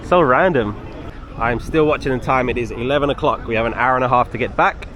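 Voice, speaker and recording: This young man talks briskly in a medium-pitched, fairly bright voice. Strolling city streets, he narrates his travel vlog into a handheld camera, easygoing and chatty, speaking right to viewers over faint street and traffic noise.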